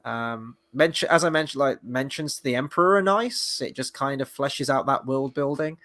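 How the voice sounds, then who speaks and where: A man's voice: mid-range voice, moderate pace, a bit bright. A man hosting a casual show review, rambling with lots of fillers and the odd swear word. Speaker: podcast host.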